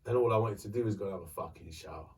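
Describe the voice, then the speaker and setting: A man, hosting a podcast and telling a story in a lively, profane way. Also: low-pitched, racing, recorded from a distance. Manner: animated, swearing, acts out voices in his story. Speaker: podcast host. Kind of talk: casual storytelling.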